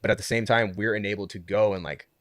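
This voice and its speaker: A man's voice: fairly low pitch, quick pace, dry recording, studio quality. A man, a guest on a podcast, telling a story in a casual chat, leaning on "like" and acting out what people said. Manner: animated storyteller, heavy use of "like", acts out quotes. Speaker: podcast guest, community co-founder.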